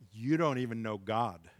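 A middle-aged male pastor delivering a sermon, moving between calm scripture reading and impassioned, emphatic peaks. His voice sits in a moderate range and sounds dry and close, with little room sound. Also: mid-range voice, unhurried, dry recording.

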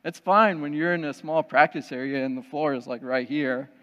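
A man telling a personal story to an audience in a conversational, self-deprecating and lively way. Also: fairly high pitch, moderate pace, in a large hall, highs cut off.

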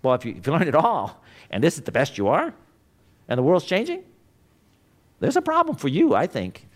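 Middle-aged male instructor, blunt and emphatic, lively pitch swings, lecturing a class. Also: normal speed. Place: classroom with students.

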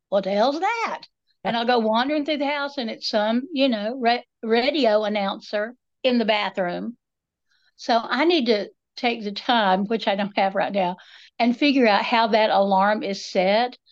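A middle-aged woman co-hosting a podcast, telling stories in a casual, wry, self-mocking way. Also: on the high side. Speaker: podcast co-host. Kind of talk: casual chat. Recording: dull lo-fi sound.

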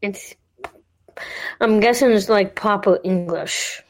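Slow-talking teasing female podcast co-host. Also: medium pitch. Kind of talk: casual chat.

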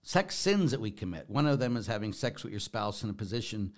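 Folksy, animated priest. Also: male voice, on the low side, brisk. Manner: folksy and joking, emphatic bursts. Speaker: Catholic priest. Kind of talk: informal preaching talk.

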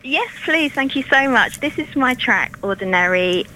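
A woman's voice: high-pitched, animated, moderate pace, pushed and bright, a little hiss or hum, poor audio. A woman in her thirties from Ireland with a London English accent, a folk singer-songwriter chatting as a radio guest with plenty of ums and restarts. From Ireland, raised in East London. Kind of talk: casual radio interview.

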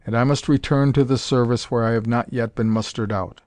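Grim quiet hero pilot read by a male narrator, low-key, storybook reading, dry. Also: steady tone, a little fast, dry recording, natural voice. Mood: tender.

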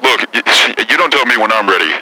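A man's voice: lowish voice, expressive, quick pace, bright, forceful tone, heavily acted, rough recording. A man impersonating a brash, foul-mouthed celebrity woman who calls in to pick fights, rambling and cursing as he talks. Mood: combative. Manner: profane, combative, rambling. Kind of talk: prank call impression.

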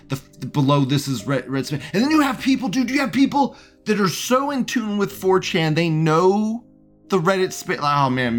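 A man's voice: fairly high pitch, fairly bright tone. A man hosting a live show, rambling in casual commentary, laughing often and repeating himself. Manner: reads out chat messages in a mocking tone.

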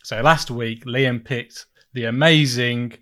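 A man's voice: medium pitch, fairly even intonation, slow, bright, forceful tone. A man hosting a casual film chat, rambling and self-mocking with frequent laughs. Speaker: podcast host reviewing films.

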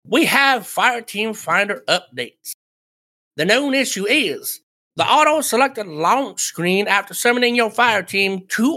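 High, bright-voiced joking man. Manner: playful, joking, laughs often. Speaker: podcast co-host. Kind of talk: casual gaming podcast chat, reading update notes aloud.

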